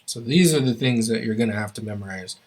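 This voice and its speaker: A man's voice: fairly low pitch, quick pace. A man teaching a language class, explaining grammar rules step by step and often stopping to restart his phrases.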